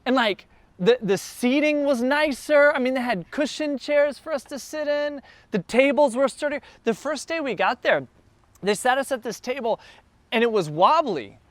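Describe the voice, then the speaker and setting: A man who is a church planter, telling a casual, animated story to a group gathered in a backyard. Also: very high-pitched, moderate pace, dry recording. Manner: animated, builds excitement as the story goes on. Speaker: church planter addressing his launch team.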